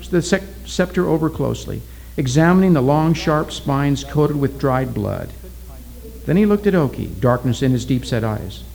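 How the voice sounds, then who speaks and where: A man reading a story aloud as an audiobook, his voice at an ordinary pitch. He keeps a measured, steady storytelling pace throughout. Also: low-quality recording. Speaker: narrator. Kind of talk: audiobook narration.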